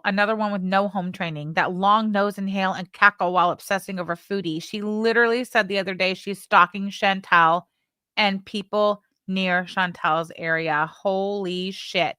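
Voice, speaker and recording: Female live-stream host; crisp voice, casual and wry commentary. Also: medium pitch, brisk, pushed and bright, no room sound, studio quality. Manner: chatty, sarcastic asides. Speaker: streamer reacting to drama clips.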